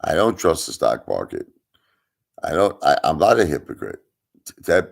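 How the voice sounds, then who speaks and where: A man's voice: rumbling low, sing-song, moderate pace, vocal fry, long pauses, husky. A man hosting a casual live stream, rambling and answering chat while he has the hiccups.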